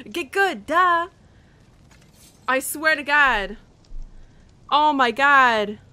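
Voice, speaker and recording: Woman streamer swearing at a game, bright high voice, slow drawl. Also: expressive. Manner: profane, frustrated, rambling. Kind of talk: casual gameplay commentary.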